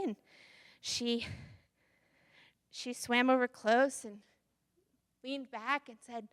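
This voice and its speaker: A woman's voice: fairly high pitch, steady tone, slow, long pauses, clear, resonant tone, no echo, clean studio sound. A woman minister telling a playful children's story during a church service. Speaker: interim minister. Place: church sanctuary.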